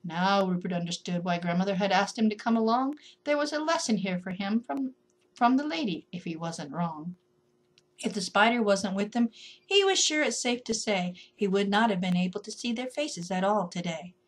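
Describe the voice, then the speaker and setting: A woman narrating a rhyming children's story in a gentle, rhythmic way. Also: medium pitch, expressive, moderate pace.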